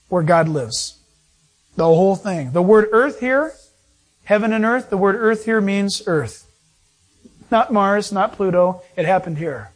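A man preaching a sermon to his congregation, reading scripture aloud and asking and answering his own questions. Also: high-pitched. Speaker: pastor. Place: church service.

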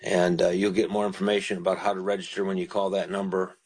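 A man's voice: sits low, level tone, quick pace, a little mellow, breathy edge. A man preaching a radio sermon, reading scripture and then explaining it in an earnest, pastoral way.

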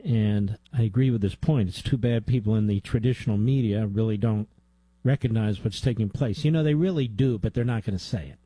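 Indignant talk radio host, dark dry voice. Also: male voice, brisk, hardly any pauses, breathy edge, dry recording. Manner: indignant, emphatic, rises in pitch when heated.

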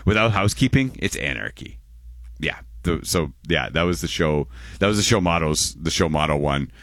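A man's voice: very deep voice, expressive, normal speed, a bit bright, no echo, studio quality. A Canadian man in his forties hosting a radio show in casual chat, rambling and restarting his words, often chuckling.

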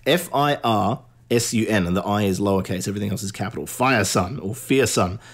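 Man, radio host, casual rambling chat, fairly low voice, swears freely. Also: fast talker. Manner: loose and rambling, with frequent swearing.

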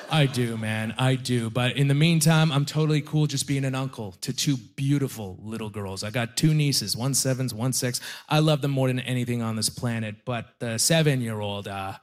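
A man's voice: medium pitch, normal speed. A young adult man doing a stand-up comedy set, self-deprecating and given to emphatic repetitions. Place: comedy club stage, live audience.

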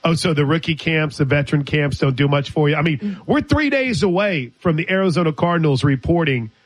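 A man's voice: fairly high pitch, expressive, a little fast. A man hosting a casual sports talk show, teasing his co-host in a conversational way. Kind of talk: casual sports radio chat.

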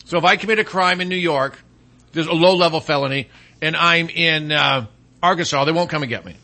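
Man, talk show host, high-pitched, bright, casual joking banter. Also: brisk. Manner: animated, joking, trails off into fillers.

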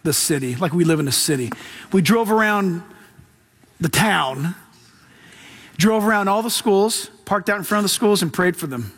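High-voiced man preaching a lively sermon. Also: moderate pace, pauses often, slightly rough. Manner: casual, animated preaching with slang and laughs. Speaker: pastor.

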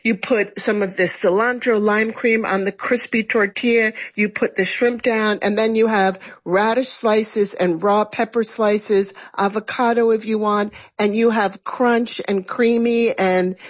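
A woman's voice: mid-range voice, steady tone, unhurried, hardly any pauses, no echo. A woman, a resident chef, chatting enthusiastically on the radio and walking through a recipe. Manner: enthusiastic, laughs easily. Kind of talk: casual radio chat.

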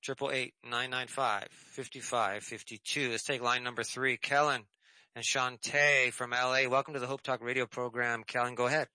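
A man's voice: mid-range voice, fairly even intonation, moderate pace, pushed and bright, no echo, poor audio. A man hosting a call-in radio program, reading scripture and preaching emphatically, repeating key phrases, then taking callers. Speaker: radio show host and preacher.

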